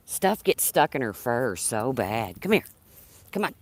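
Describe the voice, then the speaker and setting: A woman's voice: extremely low pitch, sing-song, slow, pauses often, dry recording. A woman chatting casually on a livestream, rambling and talking to her dog. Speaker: livestream host.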